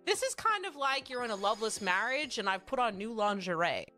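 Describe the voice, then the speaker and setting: An Australian woman livestreams in a rambling, excitable way, swearing freely and talking straight to her chat. Her voice sits a little high and sounds bright. Her pitch swings up and down a lot. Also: a little fast, faint music behind.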